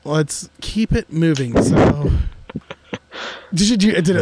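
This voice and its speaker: A man co-hosting a podcast in casual chat, joking and excitable, talking in restless bursts. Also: a little high, unhurried, heavy background noise. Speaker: podcast co-host.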